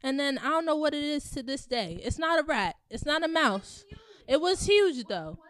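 A woman's voice: high-pitched, very animated, moderate pace, a bit bright. A young woman, a resident assistant, telling her side of a story in casual podcast chat and acting out her own reactions. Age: young adult.

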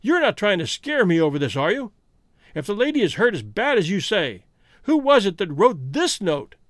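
A man voicing a bitter, desperate male American outlaw who talks loud and fierce. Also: high voice, big pitch swings, normal speed, dry recording, clean studio sound. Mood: suspicious.

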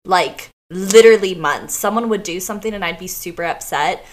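A woman's voice: fairly low pitch, fairly quick. A woman co-hosting a podcast, chatting casually and telling stories animatedly, with lots of fillers and laughs. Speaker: podcast co-host. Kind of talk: casual chat.

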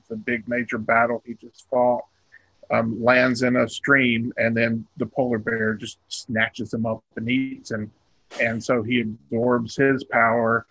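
A man's voice: mid-range voice, fairly bright tone, breathy edge, no echo, highs cut off. A man, a comic book artist being interviewed, talking casually and rambling with many ums and restarts.

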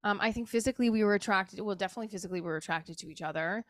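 A woman's voice: mid-range voice, racing, no echo, studio quality. A woman talking candidly and emotionally in a rambling personal monologue, swearing casually as she goes. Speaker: show creator talking to camera.

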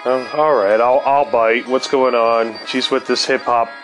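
A man telling a rambling personal story in a laid-back, profane way, full of fillers and restarts, and high while he talks. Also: steady tone, unhurried, a bit bright, faint music behind. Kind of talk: casual storytelling.

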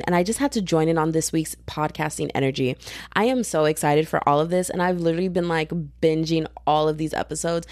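A young woman from Texas hosting her own podcast in casual, rambling, slangy chat that keeps jumping up in pitch when she gets excited. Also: dry recording, studio quality. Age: young adult. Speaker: podcast host.

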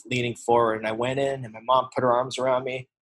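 A man in his forties speaks earnestly in a personal testimony, his voice at an average pitch for a man. He tells the story in an open, conversational way and drops to a hushed tone at the emotional moments. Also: flat delivery, fast talker, rough recording. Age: 40s. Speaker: recovery speaker.

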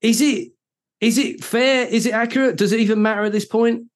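A man's voice: very high voice, fairly even intonation, brisk. A man with a British English accent hosting a podcast, musing and posing questions to set up topics. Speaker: podcast host. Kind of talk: casual chat.

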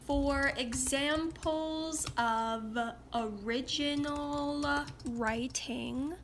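Woman doing a comedy bit, high and slow, dry muttered asides, music under it. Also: slight background noise. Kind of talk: scripted comedy audio piece.

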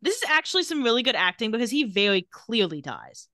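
A woman co-hosting a casual TV recap podcast, animated and quick to act out scenes. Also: a little high, no room sound, clean studio sound. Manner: animated, reads out scenes with quick quoted lines. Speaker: podcast co-host.

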